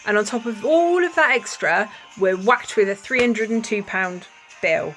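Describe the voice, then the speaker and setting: A woman's voice: medium pitch, animated, normal speed, fairly bright tone, faint music behind, low-quality recording. A woman vlogging straight to her viewers in a mid-range voice. She speaks with emphatic indignation and breaks off to apologise. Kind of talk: casual vlog to camera.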